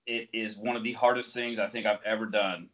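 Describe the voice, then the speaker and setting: A man's voice: fairly low pitch, a little fast. Laughing man telling stories on lo-fi audio. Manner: animated storyteller, acts out quoted voices, laughs often. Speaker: podcast co-host. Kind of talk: casual storytelling chat. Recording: dull lo-fi audio.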